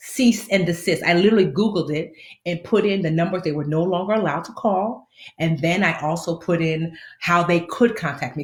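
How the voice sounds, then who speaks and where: This woman's voice is lowish, and the room is echoey. In her thirties with a slight lisp, she hosts a casual personal finance live stream, offering slangy advice in an animated, playful way and acting out quoted voices.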